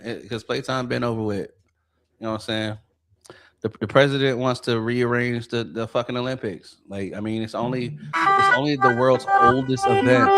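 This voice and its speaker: A man co-hosting a casual livestream, blunt and profane, urging his listeners on. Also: mid-range voice. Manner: blunt, profane, urging, repeats "you know what I'm saying". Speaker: podcast co-host.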